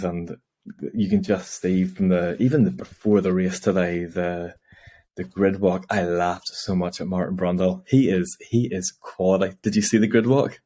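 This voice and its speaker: Low-voiced rambling man. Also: mellow. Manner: rambling, laughs often, acts out quotes. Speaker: podcast co-host. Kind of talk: casual chat about motor racing.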